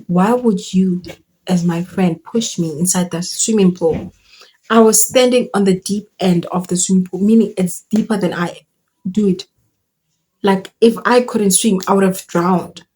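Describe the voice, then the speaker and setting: Husky-voiced woman telling a story. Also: mid-range voice, unhurried. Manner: animated, exclaiming, slangy with local words mixed in. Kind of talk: storytime vlog.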